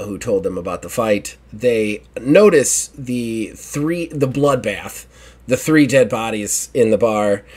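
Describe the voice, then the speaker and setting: Casual man running a tabletop game. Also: medium pitch. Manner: casual, chuckling, with fillers. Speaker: game master.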